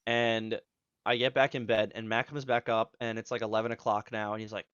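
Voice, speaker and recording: A man in his twenties co-hosts a podcast, telling a rambling, profane story in casual chat and acting out what people said. His voice is on the low side, level, brisk, fairly bright and clean, in slightly dull, dry audio.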